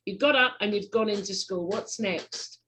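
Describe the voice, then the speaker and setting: A middle-aged woman hosts a casual interview. She talks in an easy, chatty way at a middling pitch. She keeps the guest going with frequent short affirmations. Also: normal speed, a bit bright, a little hiss or hum. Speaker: host.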